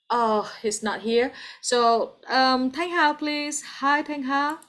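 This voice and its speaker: A woman's voice: sits high, fairly even intonation, slow pace, hardly any pauses, a bit bright. A woman with a Vietnamese accent teaching an English class over a video call, patient and encouraging, calling on students by name.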